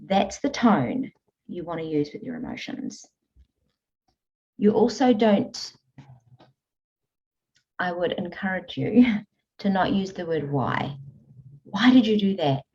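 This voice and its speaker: A woman with a lowish voice speaks in an interview, earnest and animated as she tells stories and explains her coaching ideas. The audio is dull and lo-fi. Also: slow, pauses often, a little hiss or hum. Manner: earnest, animated storytelling with frequent laughs. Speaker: guest, emotional eating coach. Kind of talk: conversational interview.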